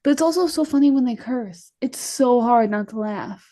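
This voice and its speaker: A woman's voice: a little high, moderate pace, warm tone, dry recording, clean studio sound. A young woman co-hosting a podcast, chatting casually and laughing often. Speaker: podcast co-host; preschool teacher. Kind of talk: casual chat.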